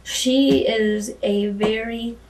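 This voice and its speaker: Gravelly-voiced woman, chatty and halting. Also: fairly high pitch, fairly even intonation, a little mellow, far from the mic. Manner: chatty, halting, restarts, swears freely. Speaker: former wrestling valet, interview guest. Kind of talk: candid casual interview.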